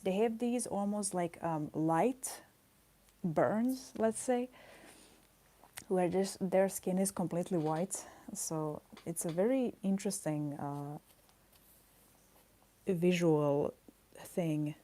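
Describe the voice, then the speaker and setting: A woman chatting casually on a live stream while she draws at her desk, talking softly and thinking aloud with pauses and fillers. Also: fairly low pitch. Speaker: artist streaming her drawing. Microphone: camera mic.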